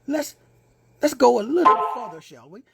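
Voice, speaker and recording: Husky, lively-pitched male Bible teacher. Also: normal speed. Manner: emphatic, repeats key words, slangy asides. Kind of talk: teaching sermon.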